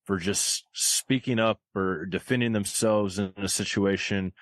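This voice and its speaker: A man's voice: lowish voice, fairly even intonation, unhurried, no room sound. A man hosting a podcast, chatting casually and rambling with lots of fillers, over a remote call. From rural area of the United States. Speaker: podcast host. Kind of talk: casual chat.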